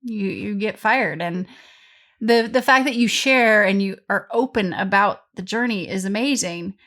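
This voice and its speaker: A woman's voice: medium pitch, measured pace, a bit bright. A woman hosting an interview, asking questions and cheering her guest on. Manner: encouraging, laughs along. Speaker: podcast host. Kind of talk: conversational interview.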